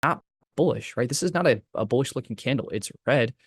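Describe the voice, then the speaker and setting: A man's voice: medium pitch, expressive, a little fast, husky, no echo, studio quality. A man co-hosting a trading webinar, pointing out chart details step by step. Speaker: co-host walking through charts.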